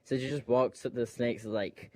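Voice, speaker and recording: A man's voice: mid-range voice, steady tone, a little fast, a little mellow. A man casually retelling a movie plot, rambling and full of fillers. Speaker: storyteller.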